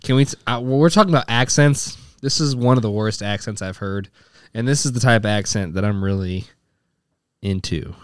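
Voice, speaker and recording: Young male co-host, smooth clear voice, teasing casual talk. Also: lowish voice, fairly quick, no room sound, studio quality. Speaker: podcast co-host. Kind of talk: casual chat.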